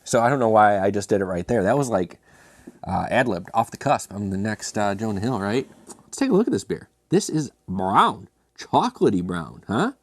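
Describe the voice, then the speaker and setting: A man's voice: fairly low pitch, expressive, moderate pace, dry recording. A man hosting a casual beer review, chatty and self-mocking with rambling asides.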